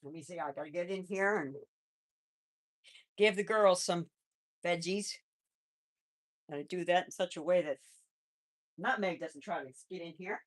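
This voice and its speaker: A woman hosting a live stream about her pet rabbits, chatting casually and talking softly to the animals. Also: fairly low pitch, moderate pace, pauses often. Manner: chatty, rambling, with restarts; soft baby-talk to pets, often away from the mic. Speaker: pet channel host.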